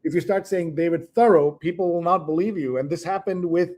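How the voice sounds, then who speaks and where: A man's voice: high-pitched, fairly even intonation, fairly quick. A middle-aged man hosting a casual news discussion, chatty and storytelling, often laughing. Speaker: host.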